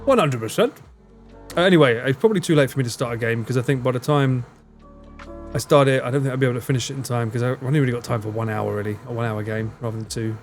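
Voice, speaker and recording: A young man from Essex, England, with an Essex accent and a medium-pitched voice chats quickly and casually with his livestream viewers over soft background music. He jokes, teases, and answers chat messages.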